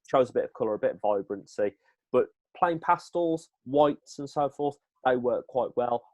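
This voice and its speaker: A man's voice: fairly low pitch, a little mellow, no room sound. A man giving upbeat, direct presenting tips to the camera on a video call. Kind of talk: instructional chat on a video call. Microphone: webcam.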